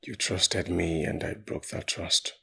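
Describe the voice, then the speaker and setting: A gravelly, humble suitor. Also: male voice, low-pitched, slow pace, bright, forceful tone, heavily acted. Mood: remorseful. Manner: humble, apologetic. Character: remorseful young man asking a mother's pardon.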